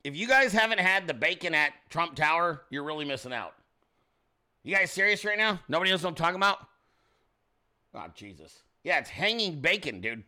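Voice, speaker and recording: A brash, foul-mouthed man hosts his own show, rambling through casual commentary and calling out to his chat viewers. His voice sits a little high and swings widely in pitch. The tone is bright and forceful. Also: expressive, fairly quick. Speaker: show host.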